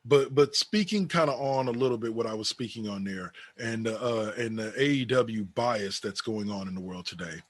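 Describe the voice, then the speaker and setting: A man's voice: fairly low pitch, normal speed, hardly any pauses, dry recording. A man co-hosting a casual wrestling podcast, reading an awards list aloud with sarcastic asides. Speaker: podcast co-host.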